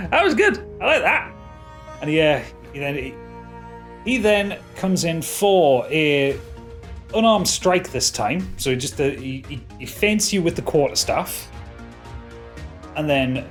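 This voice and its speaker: A man's voice: on the high side, lively intonation, faint music behind. A man narrating as game master, stopping and restarting often. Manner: halting, full of restarts and fillers.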